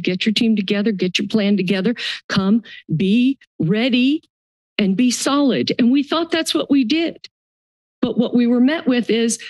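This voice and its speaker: A woman's voice: medium pitch, darkish tone, dry recording. An older woman, a grandmother and homeowner, giving emotional public comment at a county board meeting, her voice shaky. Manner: emotional, pleading, halting.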